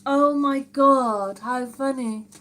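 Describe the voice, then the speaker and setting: A woman's voice: high voice, takes it slowly, fairly bright tone. A woman hosting a casual live stream from home, reading viewer comments aloud and reacting with amused exclamations. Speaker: livestream host.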